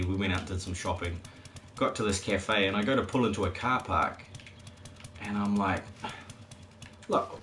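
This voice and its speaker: A man's voice: deep voice, a bit bright, a little hiss or hum. A man chatting casually on a live stream while he plays, rambling, chuckling often and swearing at the game.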